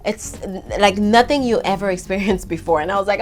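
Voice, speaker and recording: A talkative woman in her thirties spins a casual storytime for her viewers, calling them girl and y'all as she goes. Her voice sits at an ordinary middle pitch, and soft music plays faintly underneath. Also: fast talker, few pauses. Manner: chatty, animated, addresses viewers as girl and y'all. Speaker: vlogger telling her birth story.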